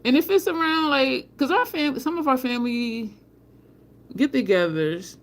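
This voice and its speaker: With a high voice, lively intonation and a moderate pace, a woman hosts a relaxed livestream at home next to an open balcony window. She rambles through stories, replies to comments, calls the chat "y'all" and laughs frequently over faint street noise.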